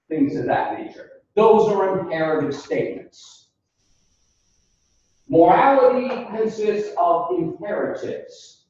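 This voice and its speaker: A man lecturing a philosophy class, deliberate and explanatory, calling the students folks and quizzing them as he goes. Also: sits high, lively intonation, a little mellow. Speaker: philosophy instructor. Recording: echoey classroom recorded from far off, dull lo-fi sound.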